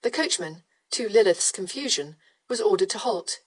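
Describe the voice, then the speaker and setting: Woman narrator, audiobook, steady measured read, mid pitch. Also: husky. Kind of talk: scripted narration.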